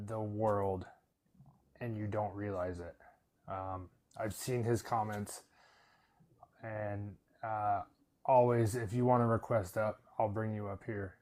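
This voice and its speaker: A man's voice: on the low side, little pitch movement, takes it slowly, a little mellow. A man hosting a live panel chat, earnest and plain-spoken with frequent "um" fillers and some swearing. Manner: earnest, profane, filler-heavy. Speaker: host of live discussion panel.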